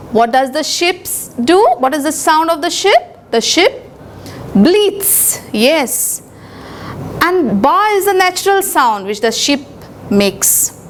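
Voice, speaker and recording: Slow, high-voiced Indian woman teaching. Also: a little hiss or hum. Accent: Indian English. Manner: slow, deliberate, spelling words out letter by letter. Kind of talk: recorded English lesson for young children.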